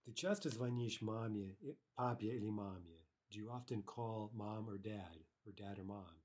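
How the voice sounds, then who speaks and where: Lowish-voiced male language teacher. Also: moderate pace, a little mellow. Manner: reads example sentences aloud, then explains them in a conversational way; often ends phrases with a checking "right?" and uses "uh" as filler. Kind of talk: explanatory online lesson.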